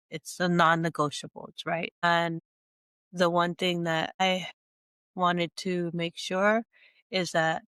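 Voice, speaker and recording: A woman coach with a stuffy, congested nose, teaching a slow and earnest monologue with frequent restarts. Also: on the low side, a bit bright, dry recording. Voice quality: nasal from congestion. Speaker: speaker and coach.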